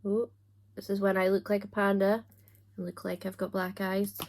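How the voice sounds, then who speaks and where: A woman's voice: medium pitch, completely flat delivery, moderate pace, darkish tone. A young woman chatting casually on camera while doing her makeup, with a self-mocking, chatty manner and little asides. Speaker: book vlogger.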